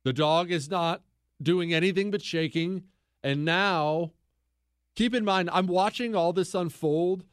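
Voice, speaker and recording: Male radio host, lively joking storyteller, slightly high voice, dry studio sound. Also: unhurried, smooth, no echo. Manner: animated, joking storyteller who teases his co-host. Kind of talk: storytelling monologue on a talk show.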